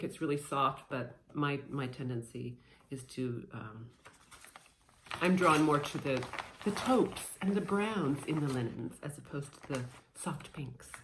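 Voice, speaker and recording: A woman in her thirties chatting casually and playfully as she shows off her cross-stitch haul, a bit scattered with lots of fillers. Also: deep voice. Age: 30s. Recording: echoey room.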